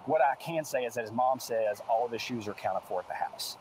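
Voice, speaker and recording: At an outdoor search site, a law enforcement officer answers questions at a press briefing, earnest and plain-spoken. His medium-pitched voice has lively intonation and runs a little fast over a noisy background.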